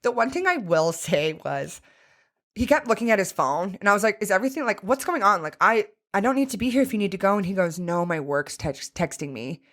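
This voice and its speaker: Young woman, podcast co-host, candid, profane, animated, mid pitch. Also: fast. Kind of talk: casual chat, storytelling.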